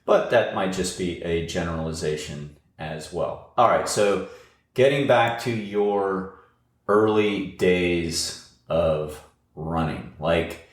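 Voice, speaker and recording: Podcast host guy, really deep voice, rambles a bit, echoey room. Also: takes it slowly. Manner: chatty, rambling, many uhs. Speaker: podcast host and running coach. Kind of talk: podcast interview.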